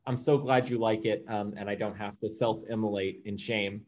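A man's voice: lowish voice, fairly even intonation, normal speed, darkish tone, dull audio, a little hiss or hum. Emphatic man co-hosting from home. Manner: emphatic, enthusiastic. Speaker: podcast co-host. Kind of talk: casual film discussion. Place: home apartment.

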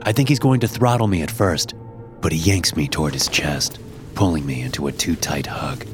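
A man narrating a first-person horror story in a hushed, somber manner. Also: rumbling low, normal speed. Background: music.

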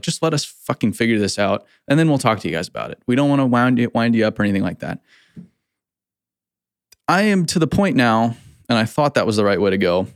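A man talks plainly and bluntly about his business, hammering his points home by saying them twice. His voice sits at an ordinary pitch. The sound is close and dry, with no room echo. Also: smooth. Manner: blunt, emphatic, repeats himself for emphasis. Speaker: company founder and podcast host. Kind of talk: casual internal company podcast.

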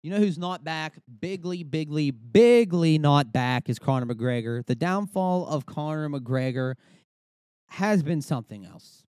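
A man's voice: fairly high pitch, expressive, measured pace, darkish tone, smooth, dry recording, studio quality. A young man hosting a podcast, ranting casually with swearing and rambling asides. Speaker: podcast host. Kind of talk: casual comedic rant.

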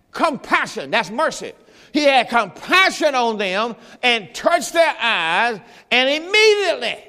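A pastor preaching a sermon in a church, urging the congregation on and rising into shouts. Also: male voice, sits high. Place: church sanctuary. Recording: hall reverb in a church.

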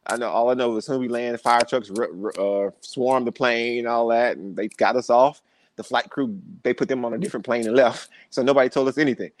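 As a guest on a casual interview podcast, this young man tells animated stories, performing the voices of the people he quotes. He speaks a little fast in a mid-range voice, with no room sound.

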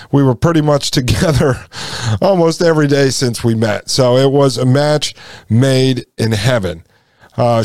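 A man's voice: mid-range voice, a little mellow, clean tone, no echo, studio quality. A man in his forties hosting a podcast, telling a personal story in a casual, conversational way and acting out the dialogue he quotes. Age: 40s. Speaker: podcast host.

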